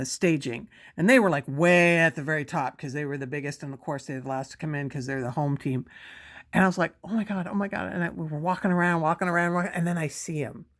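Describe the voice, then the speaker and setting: Excited middle-aged woman telling a story. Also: on the low side. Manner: excited, breathless retelling with quoted exclamations. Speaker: vlogger sharing a personal memory. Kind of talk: casual personal storytelling.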